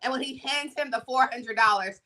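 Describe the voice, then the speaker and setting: Woman, talk show co-host, casual storytelling, animated, acts out the characters. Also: high voice, a little fast. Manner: animated, acts out the people in her stories.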